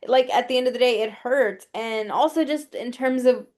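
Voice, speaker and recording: A woman's voice: a little high, moderate pace, darkish tone. A woman guest on a podcast talking over a video call, reflective and thoughtful, with plenty of casual fillers.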